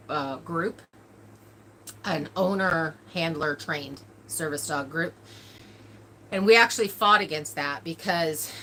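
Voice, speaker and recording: A woman's voice: on the low side, sharp tone, a little hiss or hum. A woman hosting a casual livestream, chatting and telling stories to viewers in a talkative, laughing way. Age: adult, older than a cousin nine years younger. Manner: chatty storytelling with frequent laughs. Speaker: livestream host of a farm channel. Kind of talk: casual livestream chat, answering viewer comments.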